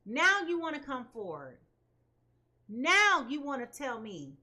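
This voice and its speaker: A woman's voice: high voice, huge pitch swings, slow, pushed and bright. A woman reading tarot for her viewers in an emphatic way, often checking in with "okay?". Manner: emphatic, keeps asking "okay?". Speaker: tarot reader.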